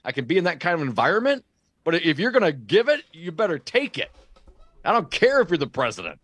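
A man's voice: on the high side, wildly swooping pitch, fairly quick, fairly bright tone, breathy edge, no room sound. A man co-hosting a casual news chat, wry and joking, often restarting his words. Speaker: podcast co-host.

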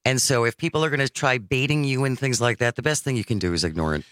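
A man's voice: mid-range voice, fast, a bit bright, no room sound, clean studio sound. A man hosting a talk radio show, chatting casually with his co-host and wrapping up with station promos. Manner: upbeat, wraps up with station promos. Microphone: studio microphone.

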